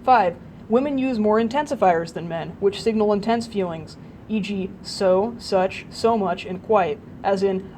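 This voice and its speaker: Woman narrator for a nonfiction audiobook, mid-pitched, measured delivery, faint low rumble behind. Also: a little mellow, rough recording. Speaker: audiobook reader.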